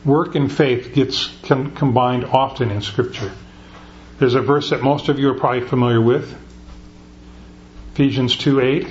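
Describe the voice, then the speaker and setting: A man's voice: medium pitch, normal speed. Middle-aged guy giving a laid-back sermon, stops and restarts a lot, kinda dull lo-fi sound with faint hiss. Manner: conversational with frequent restarts. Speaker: pastor.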